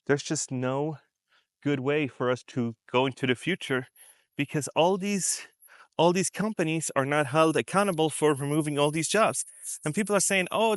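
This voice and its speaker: A man's voice: fairly high pitch, no echo, clean studio sound. A man from the United States talking straight to his viewers in unscripted commentary, emphatic and conversational, repeating his points and acting out how people react. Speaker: commentary vlogger.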